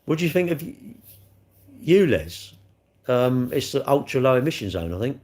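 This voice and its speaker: Bloke on a livestream, jokey and rambling, answering chat, mid-pitched voice. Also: male voice, very animated, moderate pace, a little mellow. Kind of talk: casual live-stream chat.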